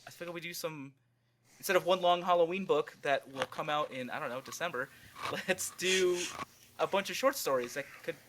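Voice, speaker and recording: A man's voice: fairly high pitch, moderate pace, fairly bright tone, slight background noise. A man with a nasal voice hosting a casual podcast chat, joking and swearing freely, then reading a short story aloud to his friends.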